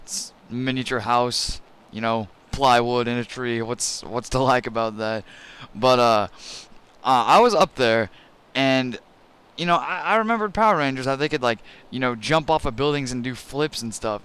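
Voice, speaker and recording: A man's voice: medium pitch, expressive, measured pace, fairly bright tone, clear, resonant tone. A young man hosting a gaming channel, telling a story over gameplay in a rambling, casual way full of "you know" and fillers.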